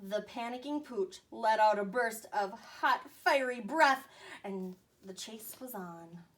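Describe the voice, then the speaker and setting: A woman teacher reading a picture book aloud to young children with expressive storytelling. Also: medium pitch, measured pace. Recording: voice a bit far from the mic.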